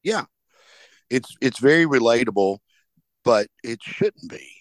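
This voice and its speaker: A man's voice: medium pitch, a little slow, no room sound. A man hosting a podcast, telling stories in a casual chat and acting out the people in them. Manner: animated anecdote telling, acts out quoted characters. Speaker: podcast host.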